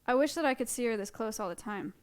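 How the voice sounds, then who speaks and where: Streaming live from an indoor room at an animal sanctuary, a young woman chats casually and gushes with affection over a small bug. Her voice is on the high side, smooth, and quick.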